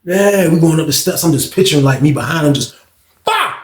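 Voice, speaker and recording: A young man telling a story casually, animated and slangy, talking straight to his listeners. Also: on the high side, a little fast. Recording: roomy echo.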